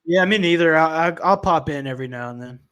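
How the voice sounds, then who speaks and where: A man's voice: a little high, fast, a bit bright, smooth, no echo. A man from New Mexico on a podcast, chiming in with short wry remarks. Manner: brief, wry interjections. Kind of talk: casual chat.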